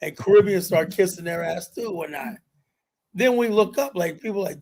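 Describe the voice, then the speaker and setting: A male podcast host with a slightly raised pitch drives a heated panel debate. He talks emphatically, argues hard and swears freely as he makes his case. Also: moderate pace, creaky, darkish tone. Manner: emphatic, argumentative, loose with profanity.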